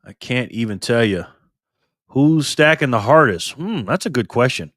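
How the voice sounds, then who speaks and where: A man's voice: mid-range voice, animated, normal speed, fairly bright tone, no room sound, studio quality. A man hosting a casual livestream, cheerfully greeting viewers by name one after another. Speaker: livestream host.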